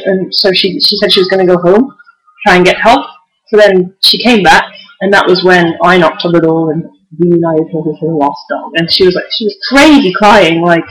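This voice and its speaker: A woman's voice: lowish voice, normal speed, a bit bright, husky, low-quality recording. A young woman vlogging, telling a story in a chatty, giggly way full of "like" and restarts. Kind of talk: casual storytelling to camera.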